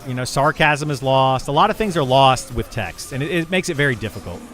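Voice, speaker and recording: A man talks casually to his stream chat, circling back and repeating words as he works through a point. His pitch sits in an ordinary middle range for a man. Faint music plays quietly behind him. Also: animated, a little fast. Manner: rambling, repeats words and restarts while explaining.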